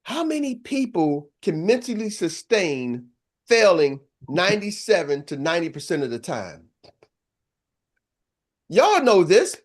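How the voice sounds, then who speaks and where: An older man coaching a live seminar, talking in a punchy, energetic way and throwing rhetorical questions to the audience. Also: sits high, unhurried. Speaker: business coach.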